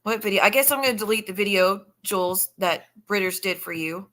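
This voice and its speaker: Bright, blunt woman livestreaming. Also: medium pitch, brisk. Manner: blunt and profane, chatting with viewers while scrolling. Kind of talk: casual live-stream commentary.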